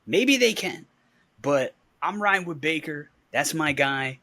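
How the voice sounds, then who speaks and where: A man's voice: a little high, lively intonation, measured pace, sharp tone, dry recording. A man co-hosting a casual sports podcast, easygoing and rambling as he gives his picks. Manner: easygoing, rambling, laughs often. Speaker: podcast co-host.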